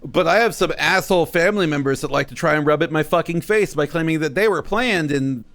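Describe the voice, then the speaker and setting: A man co-hosting a casual podcast, excitable and swearing freely. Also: on the high side, quick pace. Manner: profane, excitable, giggly. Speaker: podcast co-host. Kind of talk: casual chat.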